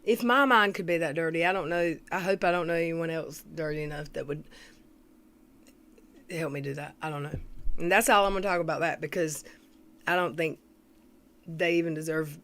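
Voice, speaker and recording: A woman hosting a casual livestream, rambling through commentary and greeting viewers from the chat, with frequent throat clearing. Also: low voice, fairly even intonation, normal speed, pauses often, a bit bright. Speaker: livestream host.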